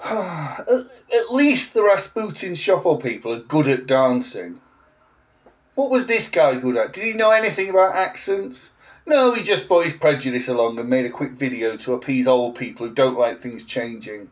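A man's voice: mid-range voice, lively intonation, moderate pace. A man in his forties, a language teacher, ranting in a blunt, sarcastic vlog monologue with an English accent. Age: 40s.

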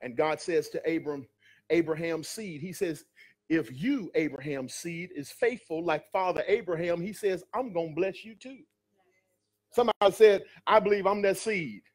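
A male pastor preaching a sermon, calling out to the congregation and rising to shouts. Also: fairly high pitch, normal speed. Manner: preaching with call-and-response, building to shouts. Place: church sanctuary.

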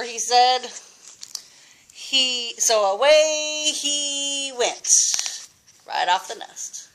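Older woman, high-pitched and slow, reading a picture book to a grandchild with patient, expressive delivery. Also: slight background noise. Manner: slow, patient, expressive, pausing to ask the child questions.

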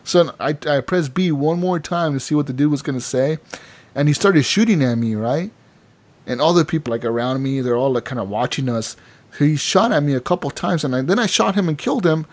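A man co-hosting a gaming podcast, telling a long story in a loose, animated way, full of fillers and quoted voices. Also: a little high, a little fast. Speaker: podcast co-host. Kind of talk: casual gaming podcast chat.

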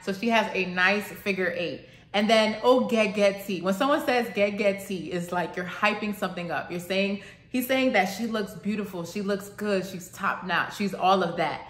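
A woman's voice: medium pitch, normal speed, fairly bright tone, echoey room. A woman casually explaining song lyrics to her channel's viewers, chatty and thinking aloud as she goes.

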